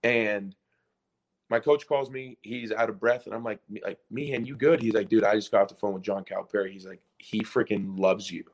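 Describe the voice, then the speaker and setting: A young man from Pennsylvania, a former college basketball player, telling a story in a casual podcast interview, excited and rambling, acting out quotes. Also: fairly low pitch, a little fast. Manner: excited, rambling, full of restarts and acted-out quotes.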